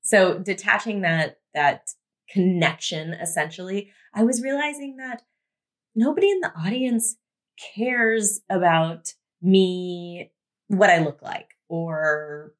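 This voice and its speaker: Chatty woman giving advice, lowish voice. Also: fairly bright tone. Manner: chatty, repeats words for emphasis, some fillers. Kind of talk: casual advice vlog.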